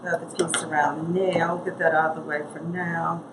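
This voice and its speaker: A woman's voice: low-pitched, level tone, brisk. A woman, chatting through a craft tutorial as she works. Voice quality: gravelly. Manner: chatty, thinks aloud while working. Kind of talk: casual craft demonstration. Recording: echoey room with noise.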